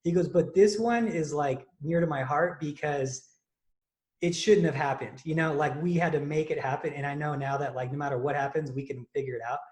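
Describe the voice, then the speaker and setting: A man hosting a fitness podcast, telling a story in casual, excited chat full of fillers and restarts. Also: on the high side, fairly quick. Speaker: podcast host and contest prep coach.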